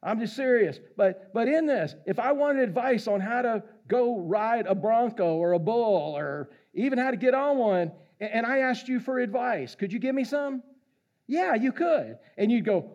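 A man with a fairly high voice preaches a casual sermon, trading jokes with people in the pews. He is middle-aged and talks loosely and conversationally, and the recording sounds dull and lo-fi. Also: expressive, normal speed, a little mellow. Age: middle-aged or older. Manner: conversational, jokey, calls out listeners. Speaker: pastor.

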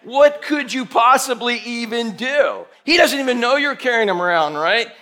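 Guy preaching, high voice, keeps quizzing the crowd. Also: moderate pace. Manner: animated, coaxing volunteers, calling out questions to the room. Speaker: pastor. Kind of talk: sermon with a live demonstration.

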